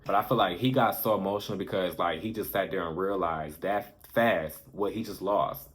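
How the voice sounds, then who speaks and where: A man with a low, deep voice tells a personal story to camera in a loose, candid way. He is frank and profane, and he gets animated as he relives the moments. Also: fairly quick, few pauses. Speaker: storytime vlogger.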